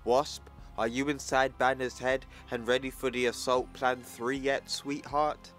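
A man reading a cool-headed soldier captain's lines in a calm, clipped, quiet voice. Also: mid-range voice, a little slow, faint music behind, lightly acted.

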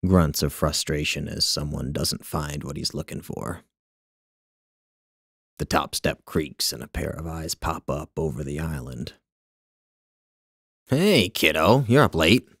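Very deep, gravelly male narrator. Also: no echo, clean studio sound. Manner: measured, wry storytelling. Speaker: author reading his own short story. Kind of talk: scripted literary narration.

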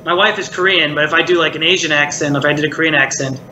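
Middle-aged male puppeteer, casual reflective interview talk, slightly high, roomy recording with faint hiss. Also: fairly even intonation, very fast, pushed and bright, highs cut off. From Maryland, United States. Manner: chatty, reflective, lots of "like" and "you know". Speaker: puppeteer and voice actor, guest.

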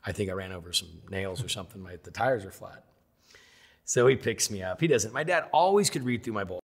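A middle-aged man with a fairly low voice tells stories in a sit-down interview. His delivery is animated, and he jumps into other people's voices as he goes. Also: fast. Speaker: interview guest.

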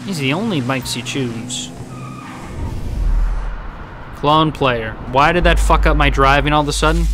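A man's voice: fairly high pitch, measured pace, pauses often, music in the background. Rambling joking male game streamer. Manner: rambling, joking, loud outbursts. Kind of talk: casual gameplay live stream.

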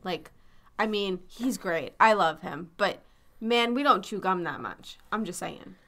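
Young massachusetts woman on a podcast, bright edgy voice, rambly chatty. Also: mid-range voice, animated, a little slow. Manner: chatty, full of fillers and hedges. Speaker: podcast co-host. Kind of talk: casual chat.

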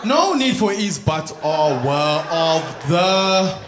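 South African comedian in an echoey theatre. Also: male voice, sits high, expressive, slow pace. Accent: South African English. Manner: storytelling, teasing the crowd. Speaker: stand-up comedian. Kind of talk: stand-up comedy. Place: large theatre stage. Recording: echoey theatre with audience noise.

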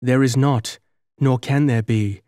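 Man doing a young storybook girl, soft, earnest, wistful, sorrowful, dry close recording. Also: medium pitch, steady tone, unhurried, no echo, close to an everyday voice. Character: young village girl, gentle, sorrowful and shunned. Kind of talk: audiobook character reading.

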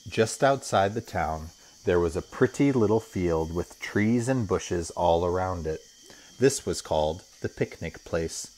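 Man, teacher, children's story read-aloud, very deep, lively pitch. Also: measured pace. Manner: expressive storytelling.

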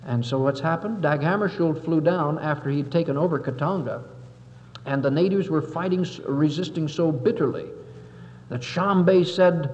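On a dull, lo-fi 1961 tape with long hall reverb, a political lecturer gives an impassioned public speech. His fairly high, darkish voice moves at normal speed, emphatic and forceful, and he sometimes acts out the people he quotes.

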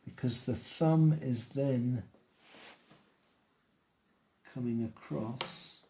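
Slow-talking man teaching drawing. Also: medium pitch, gravelly, warm tone, a little hiss or hum. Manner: slow, thinking aloud, self-correcting while drawing. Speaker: art teacher. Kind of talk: live drawing tutorial.

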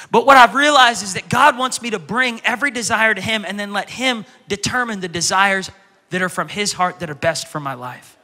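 A pastor preaching a sermon in a bright, ringing, fairly high voice, with lots of echo from a long hall reverb. He tells stories with animation and acts out the voices of the people in them. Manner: animated storytelling, acting out childhood voices loudly.

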